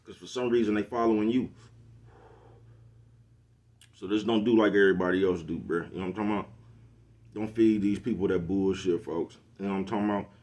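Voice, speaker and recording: A man's voice: on the low side, fairly even intonation, a little fast, long pauses, darkish tone, muffled recording. A middle-aged man ranting casually to the camera, laid-back and slangy, always asking if you know what he's talking about. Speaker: vlogger hosting his own show.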